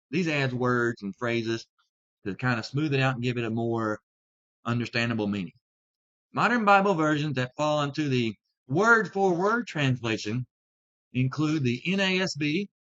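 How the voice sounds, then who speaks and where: A mid-pitched man teaching the Bible in a video lesson speaks deliberately, stressing key words heavily as he explains. His voice is a bit bright, and the recording sounds slightly dull and lo-fi.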